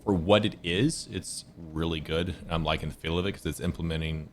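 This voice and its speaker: Male streamer, deep voice, laid-back rambling gameplay commentary with a few swears. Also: fairly even intonation, brisk, a crowd in the background. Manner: rambling, self-correcting storyteller. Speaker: gaming streamer.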